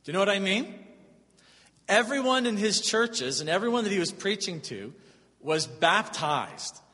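A man's voice: sits high, big pitch swings, moderate pace, pushed and bright. A middle-aged man, a pastor, preaching a sermon in a conversational way with personal stories. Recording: long hall reverb.

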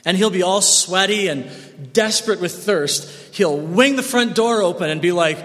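A man preaching from the pulpit with a high, light voice. His delivery is expressive, rising loud and dropping soft, and a long church reverb trails each phrase. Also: normal speed. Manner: expressive preaching with wide swings in loudness. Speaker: pastor. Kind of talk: sermon. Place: church sanctuary.

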